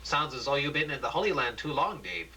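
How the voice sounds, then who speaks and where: A man's voice: medium pitch, big pitch swings, a little fast, bright, forceful tone, pitched above the performer's own voice, poor audio. A man voicing an anxious female news anchor who asks urgent, pleading questions.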